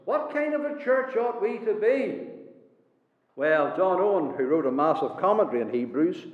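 A man preaching a sermon in a church, measured and emphatic, repeating his key phrases. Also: sits high, lively intonation. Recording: echoey hall on a tinny, phone-like line.

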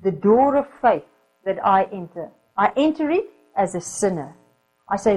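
A woman preaching a sermon, telling a story in a lively way and dropping to a soft whisper for quoted lines. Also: medium pitch, normal speed, poor audio.

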